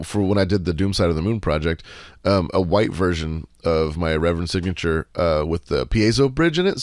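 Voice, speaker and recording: A low-voiced man hosts a casual Q&A podcast, recorded close and dry with no room sound. He talks in a laid-back, rambling way full of fillers and restarts. He drops sarcastic asides and swears casually. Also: no echo. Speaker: podcast host.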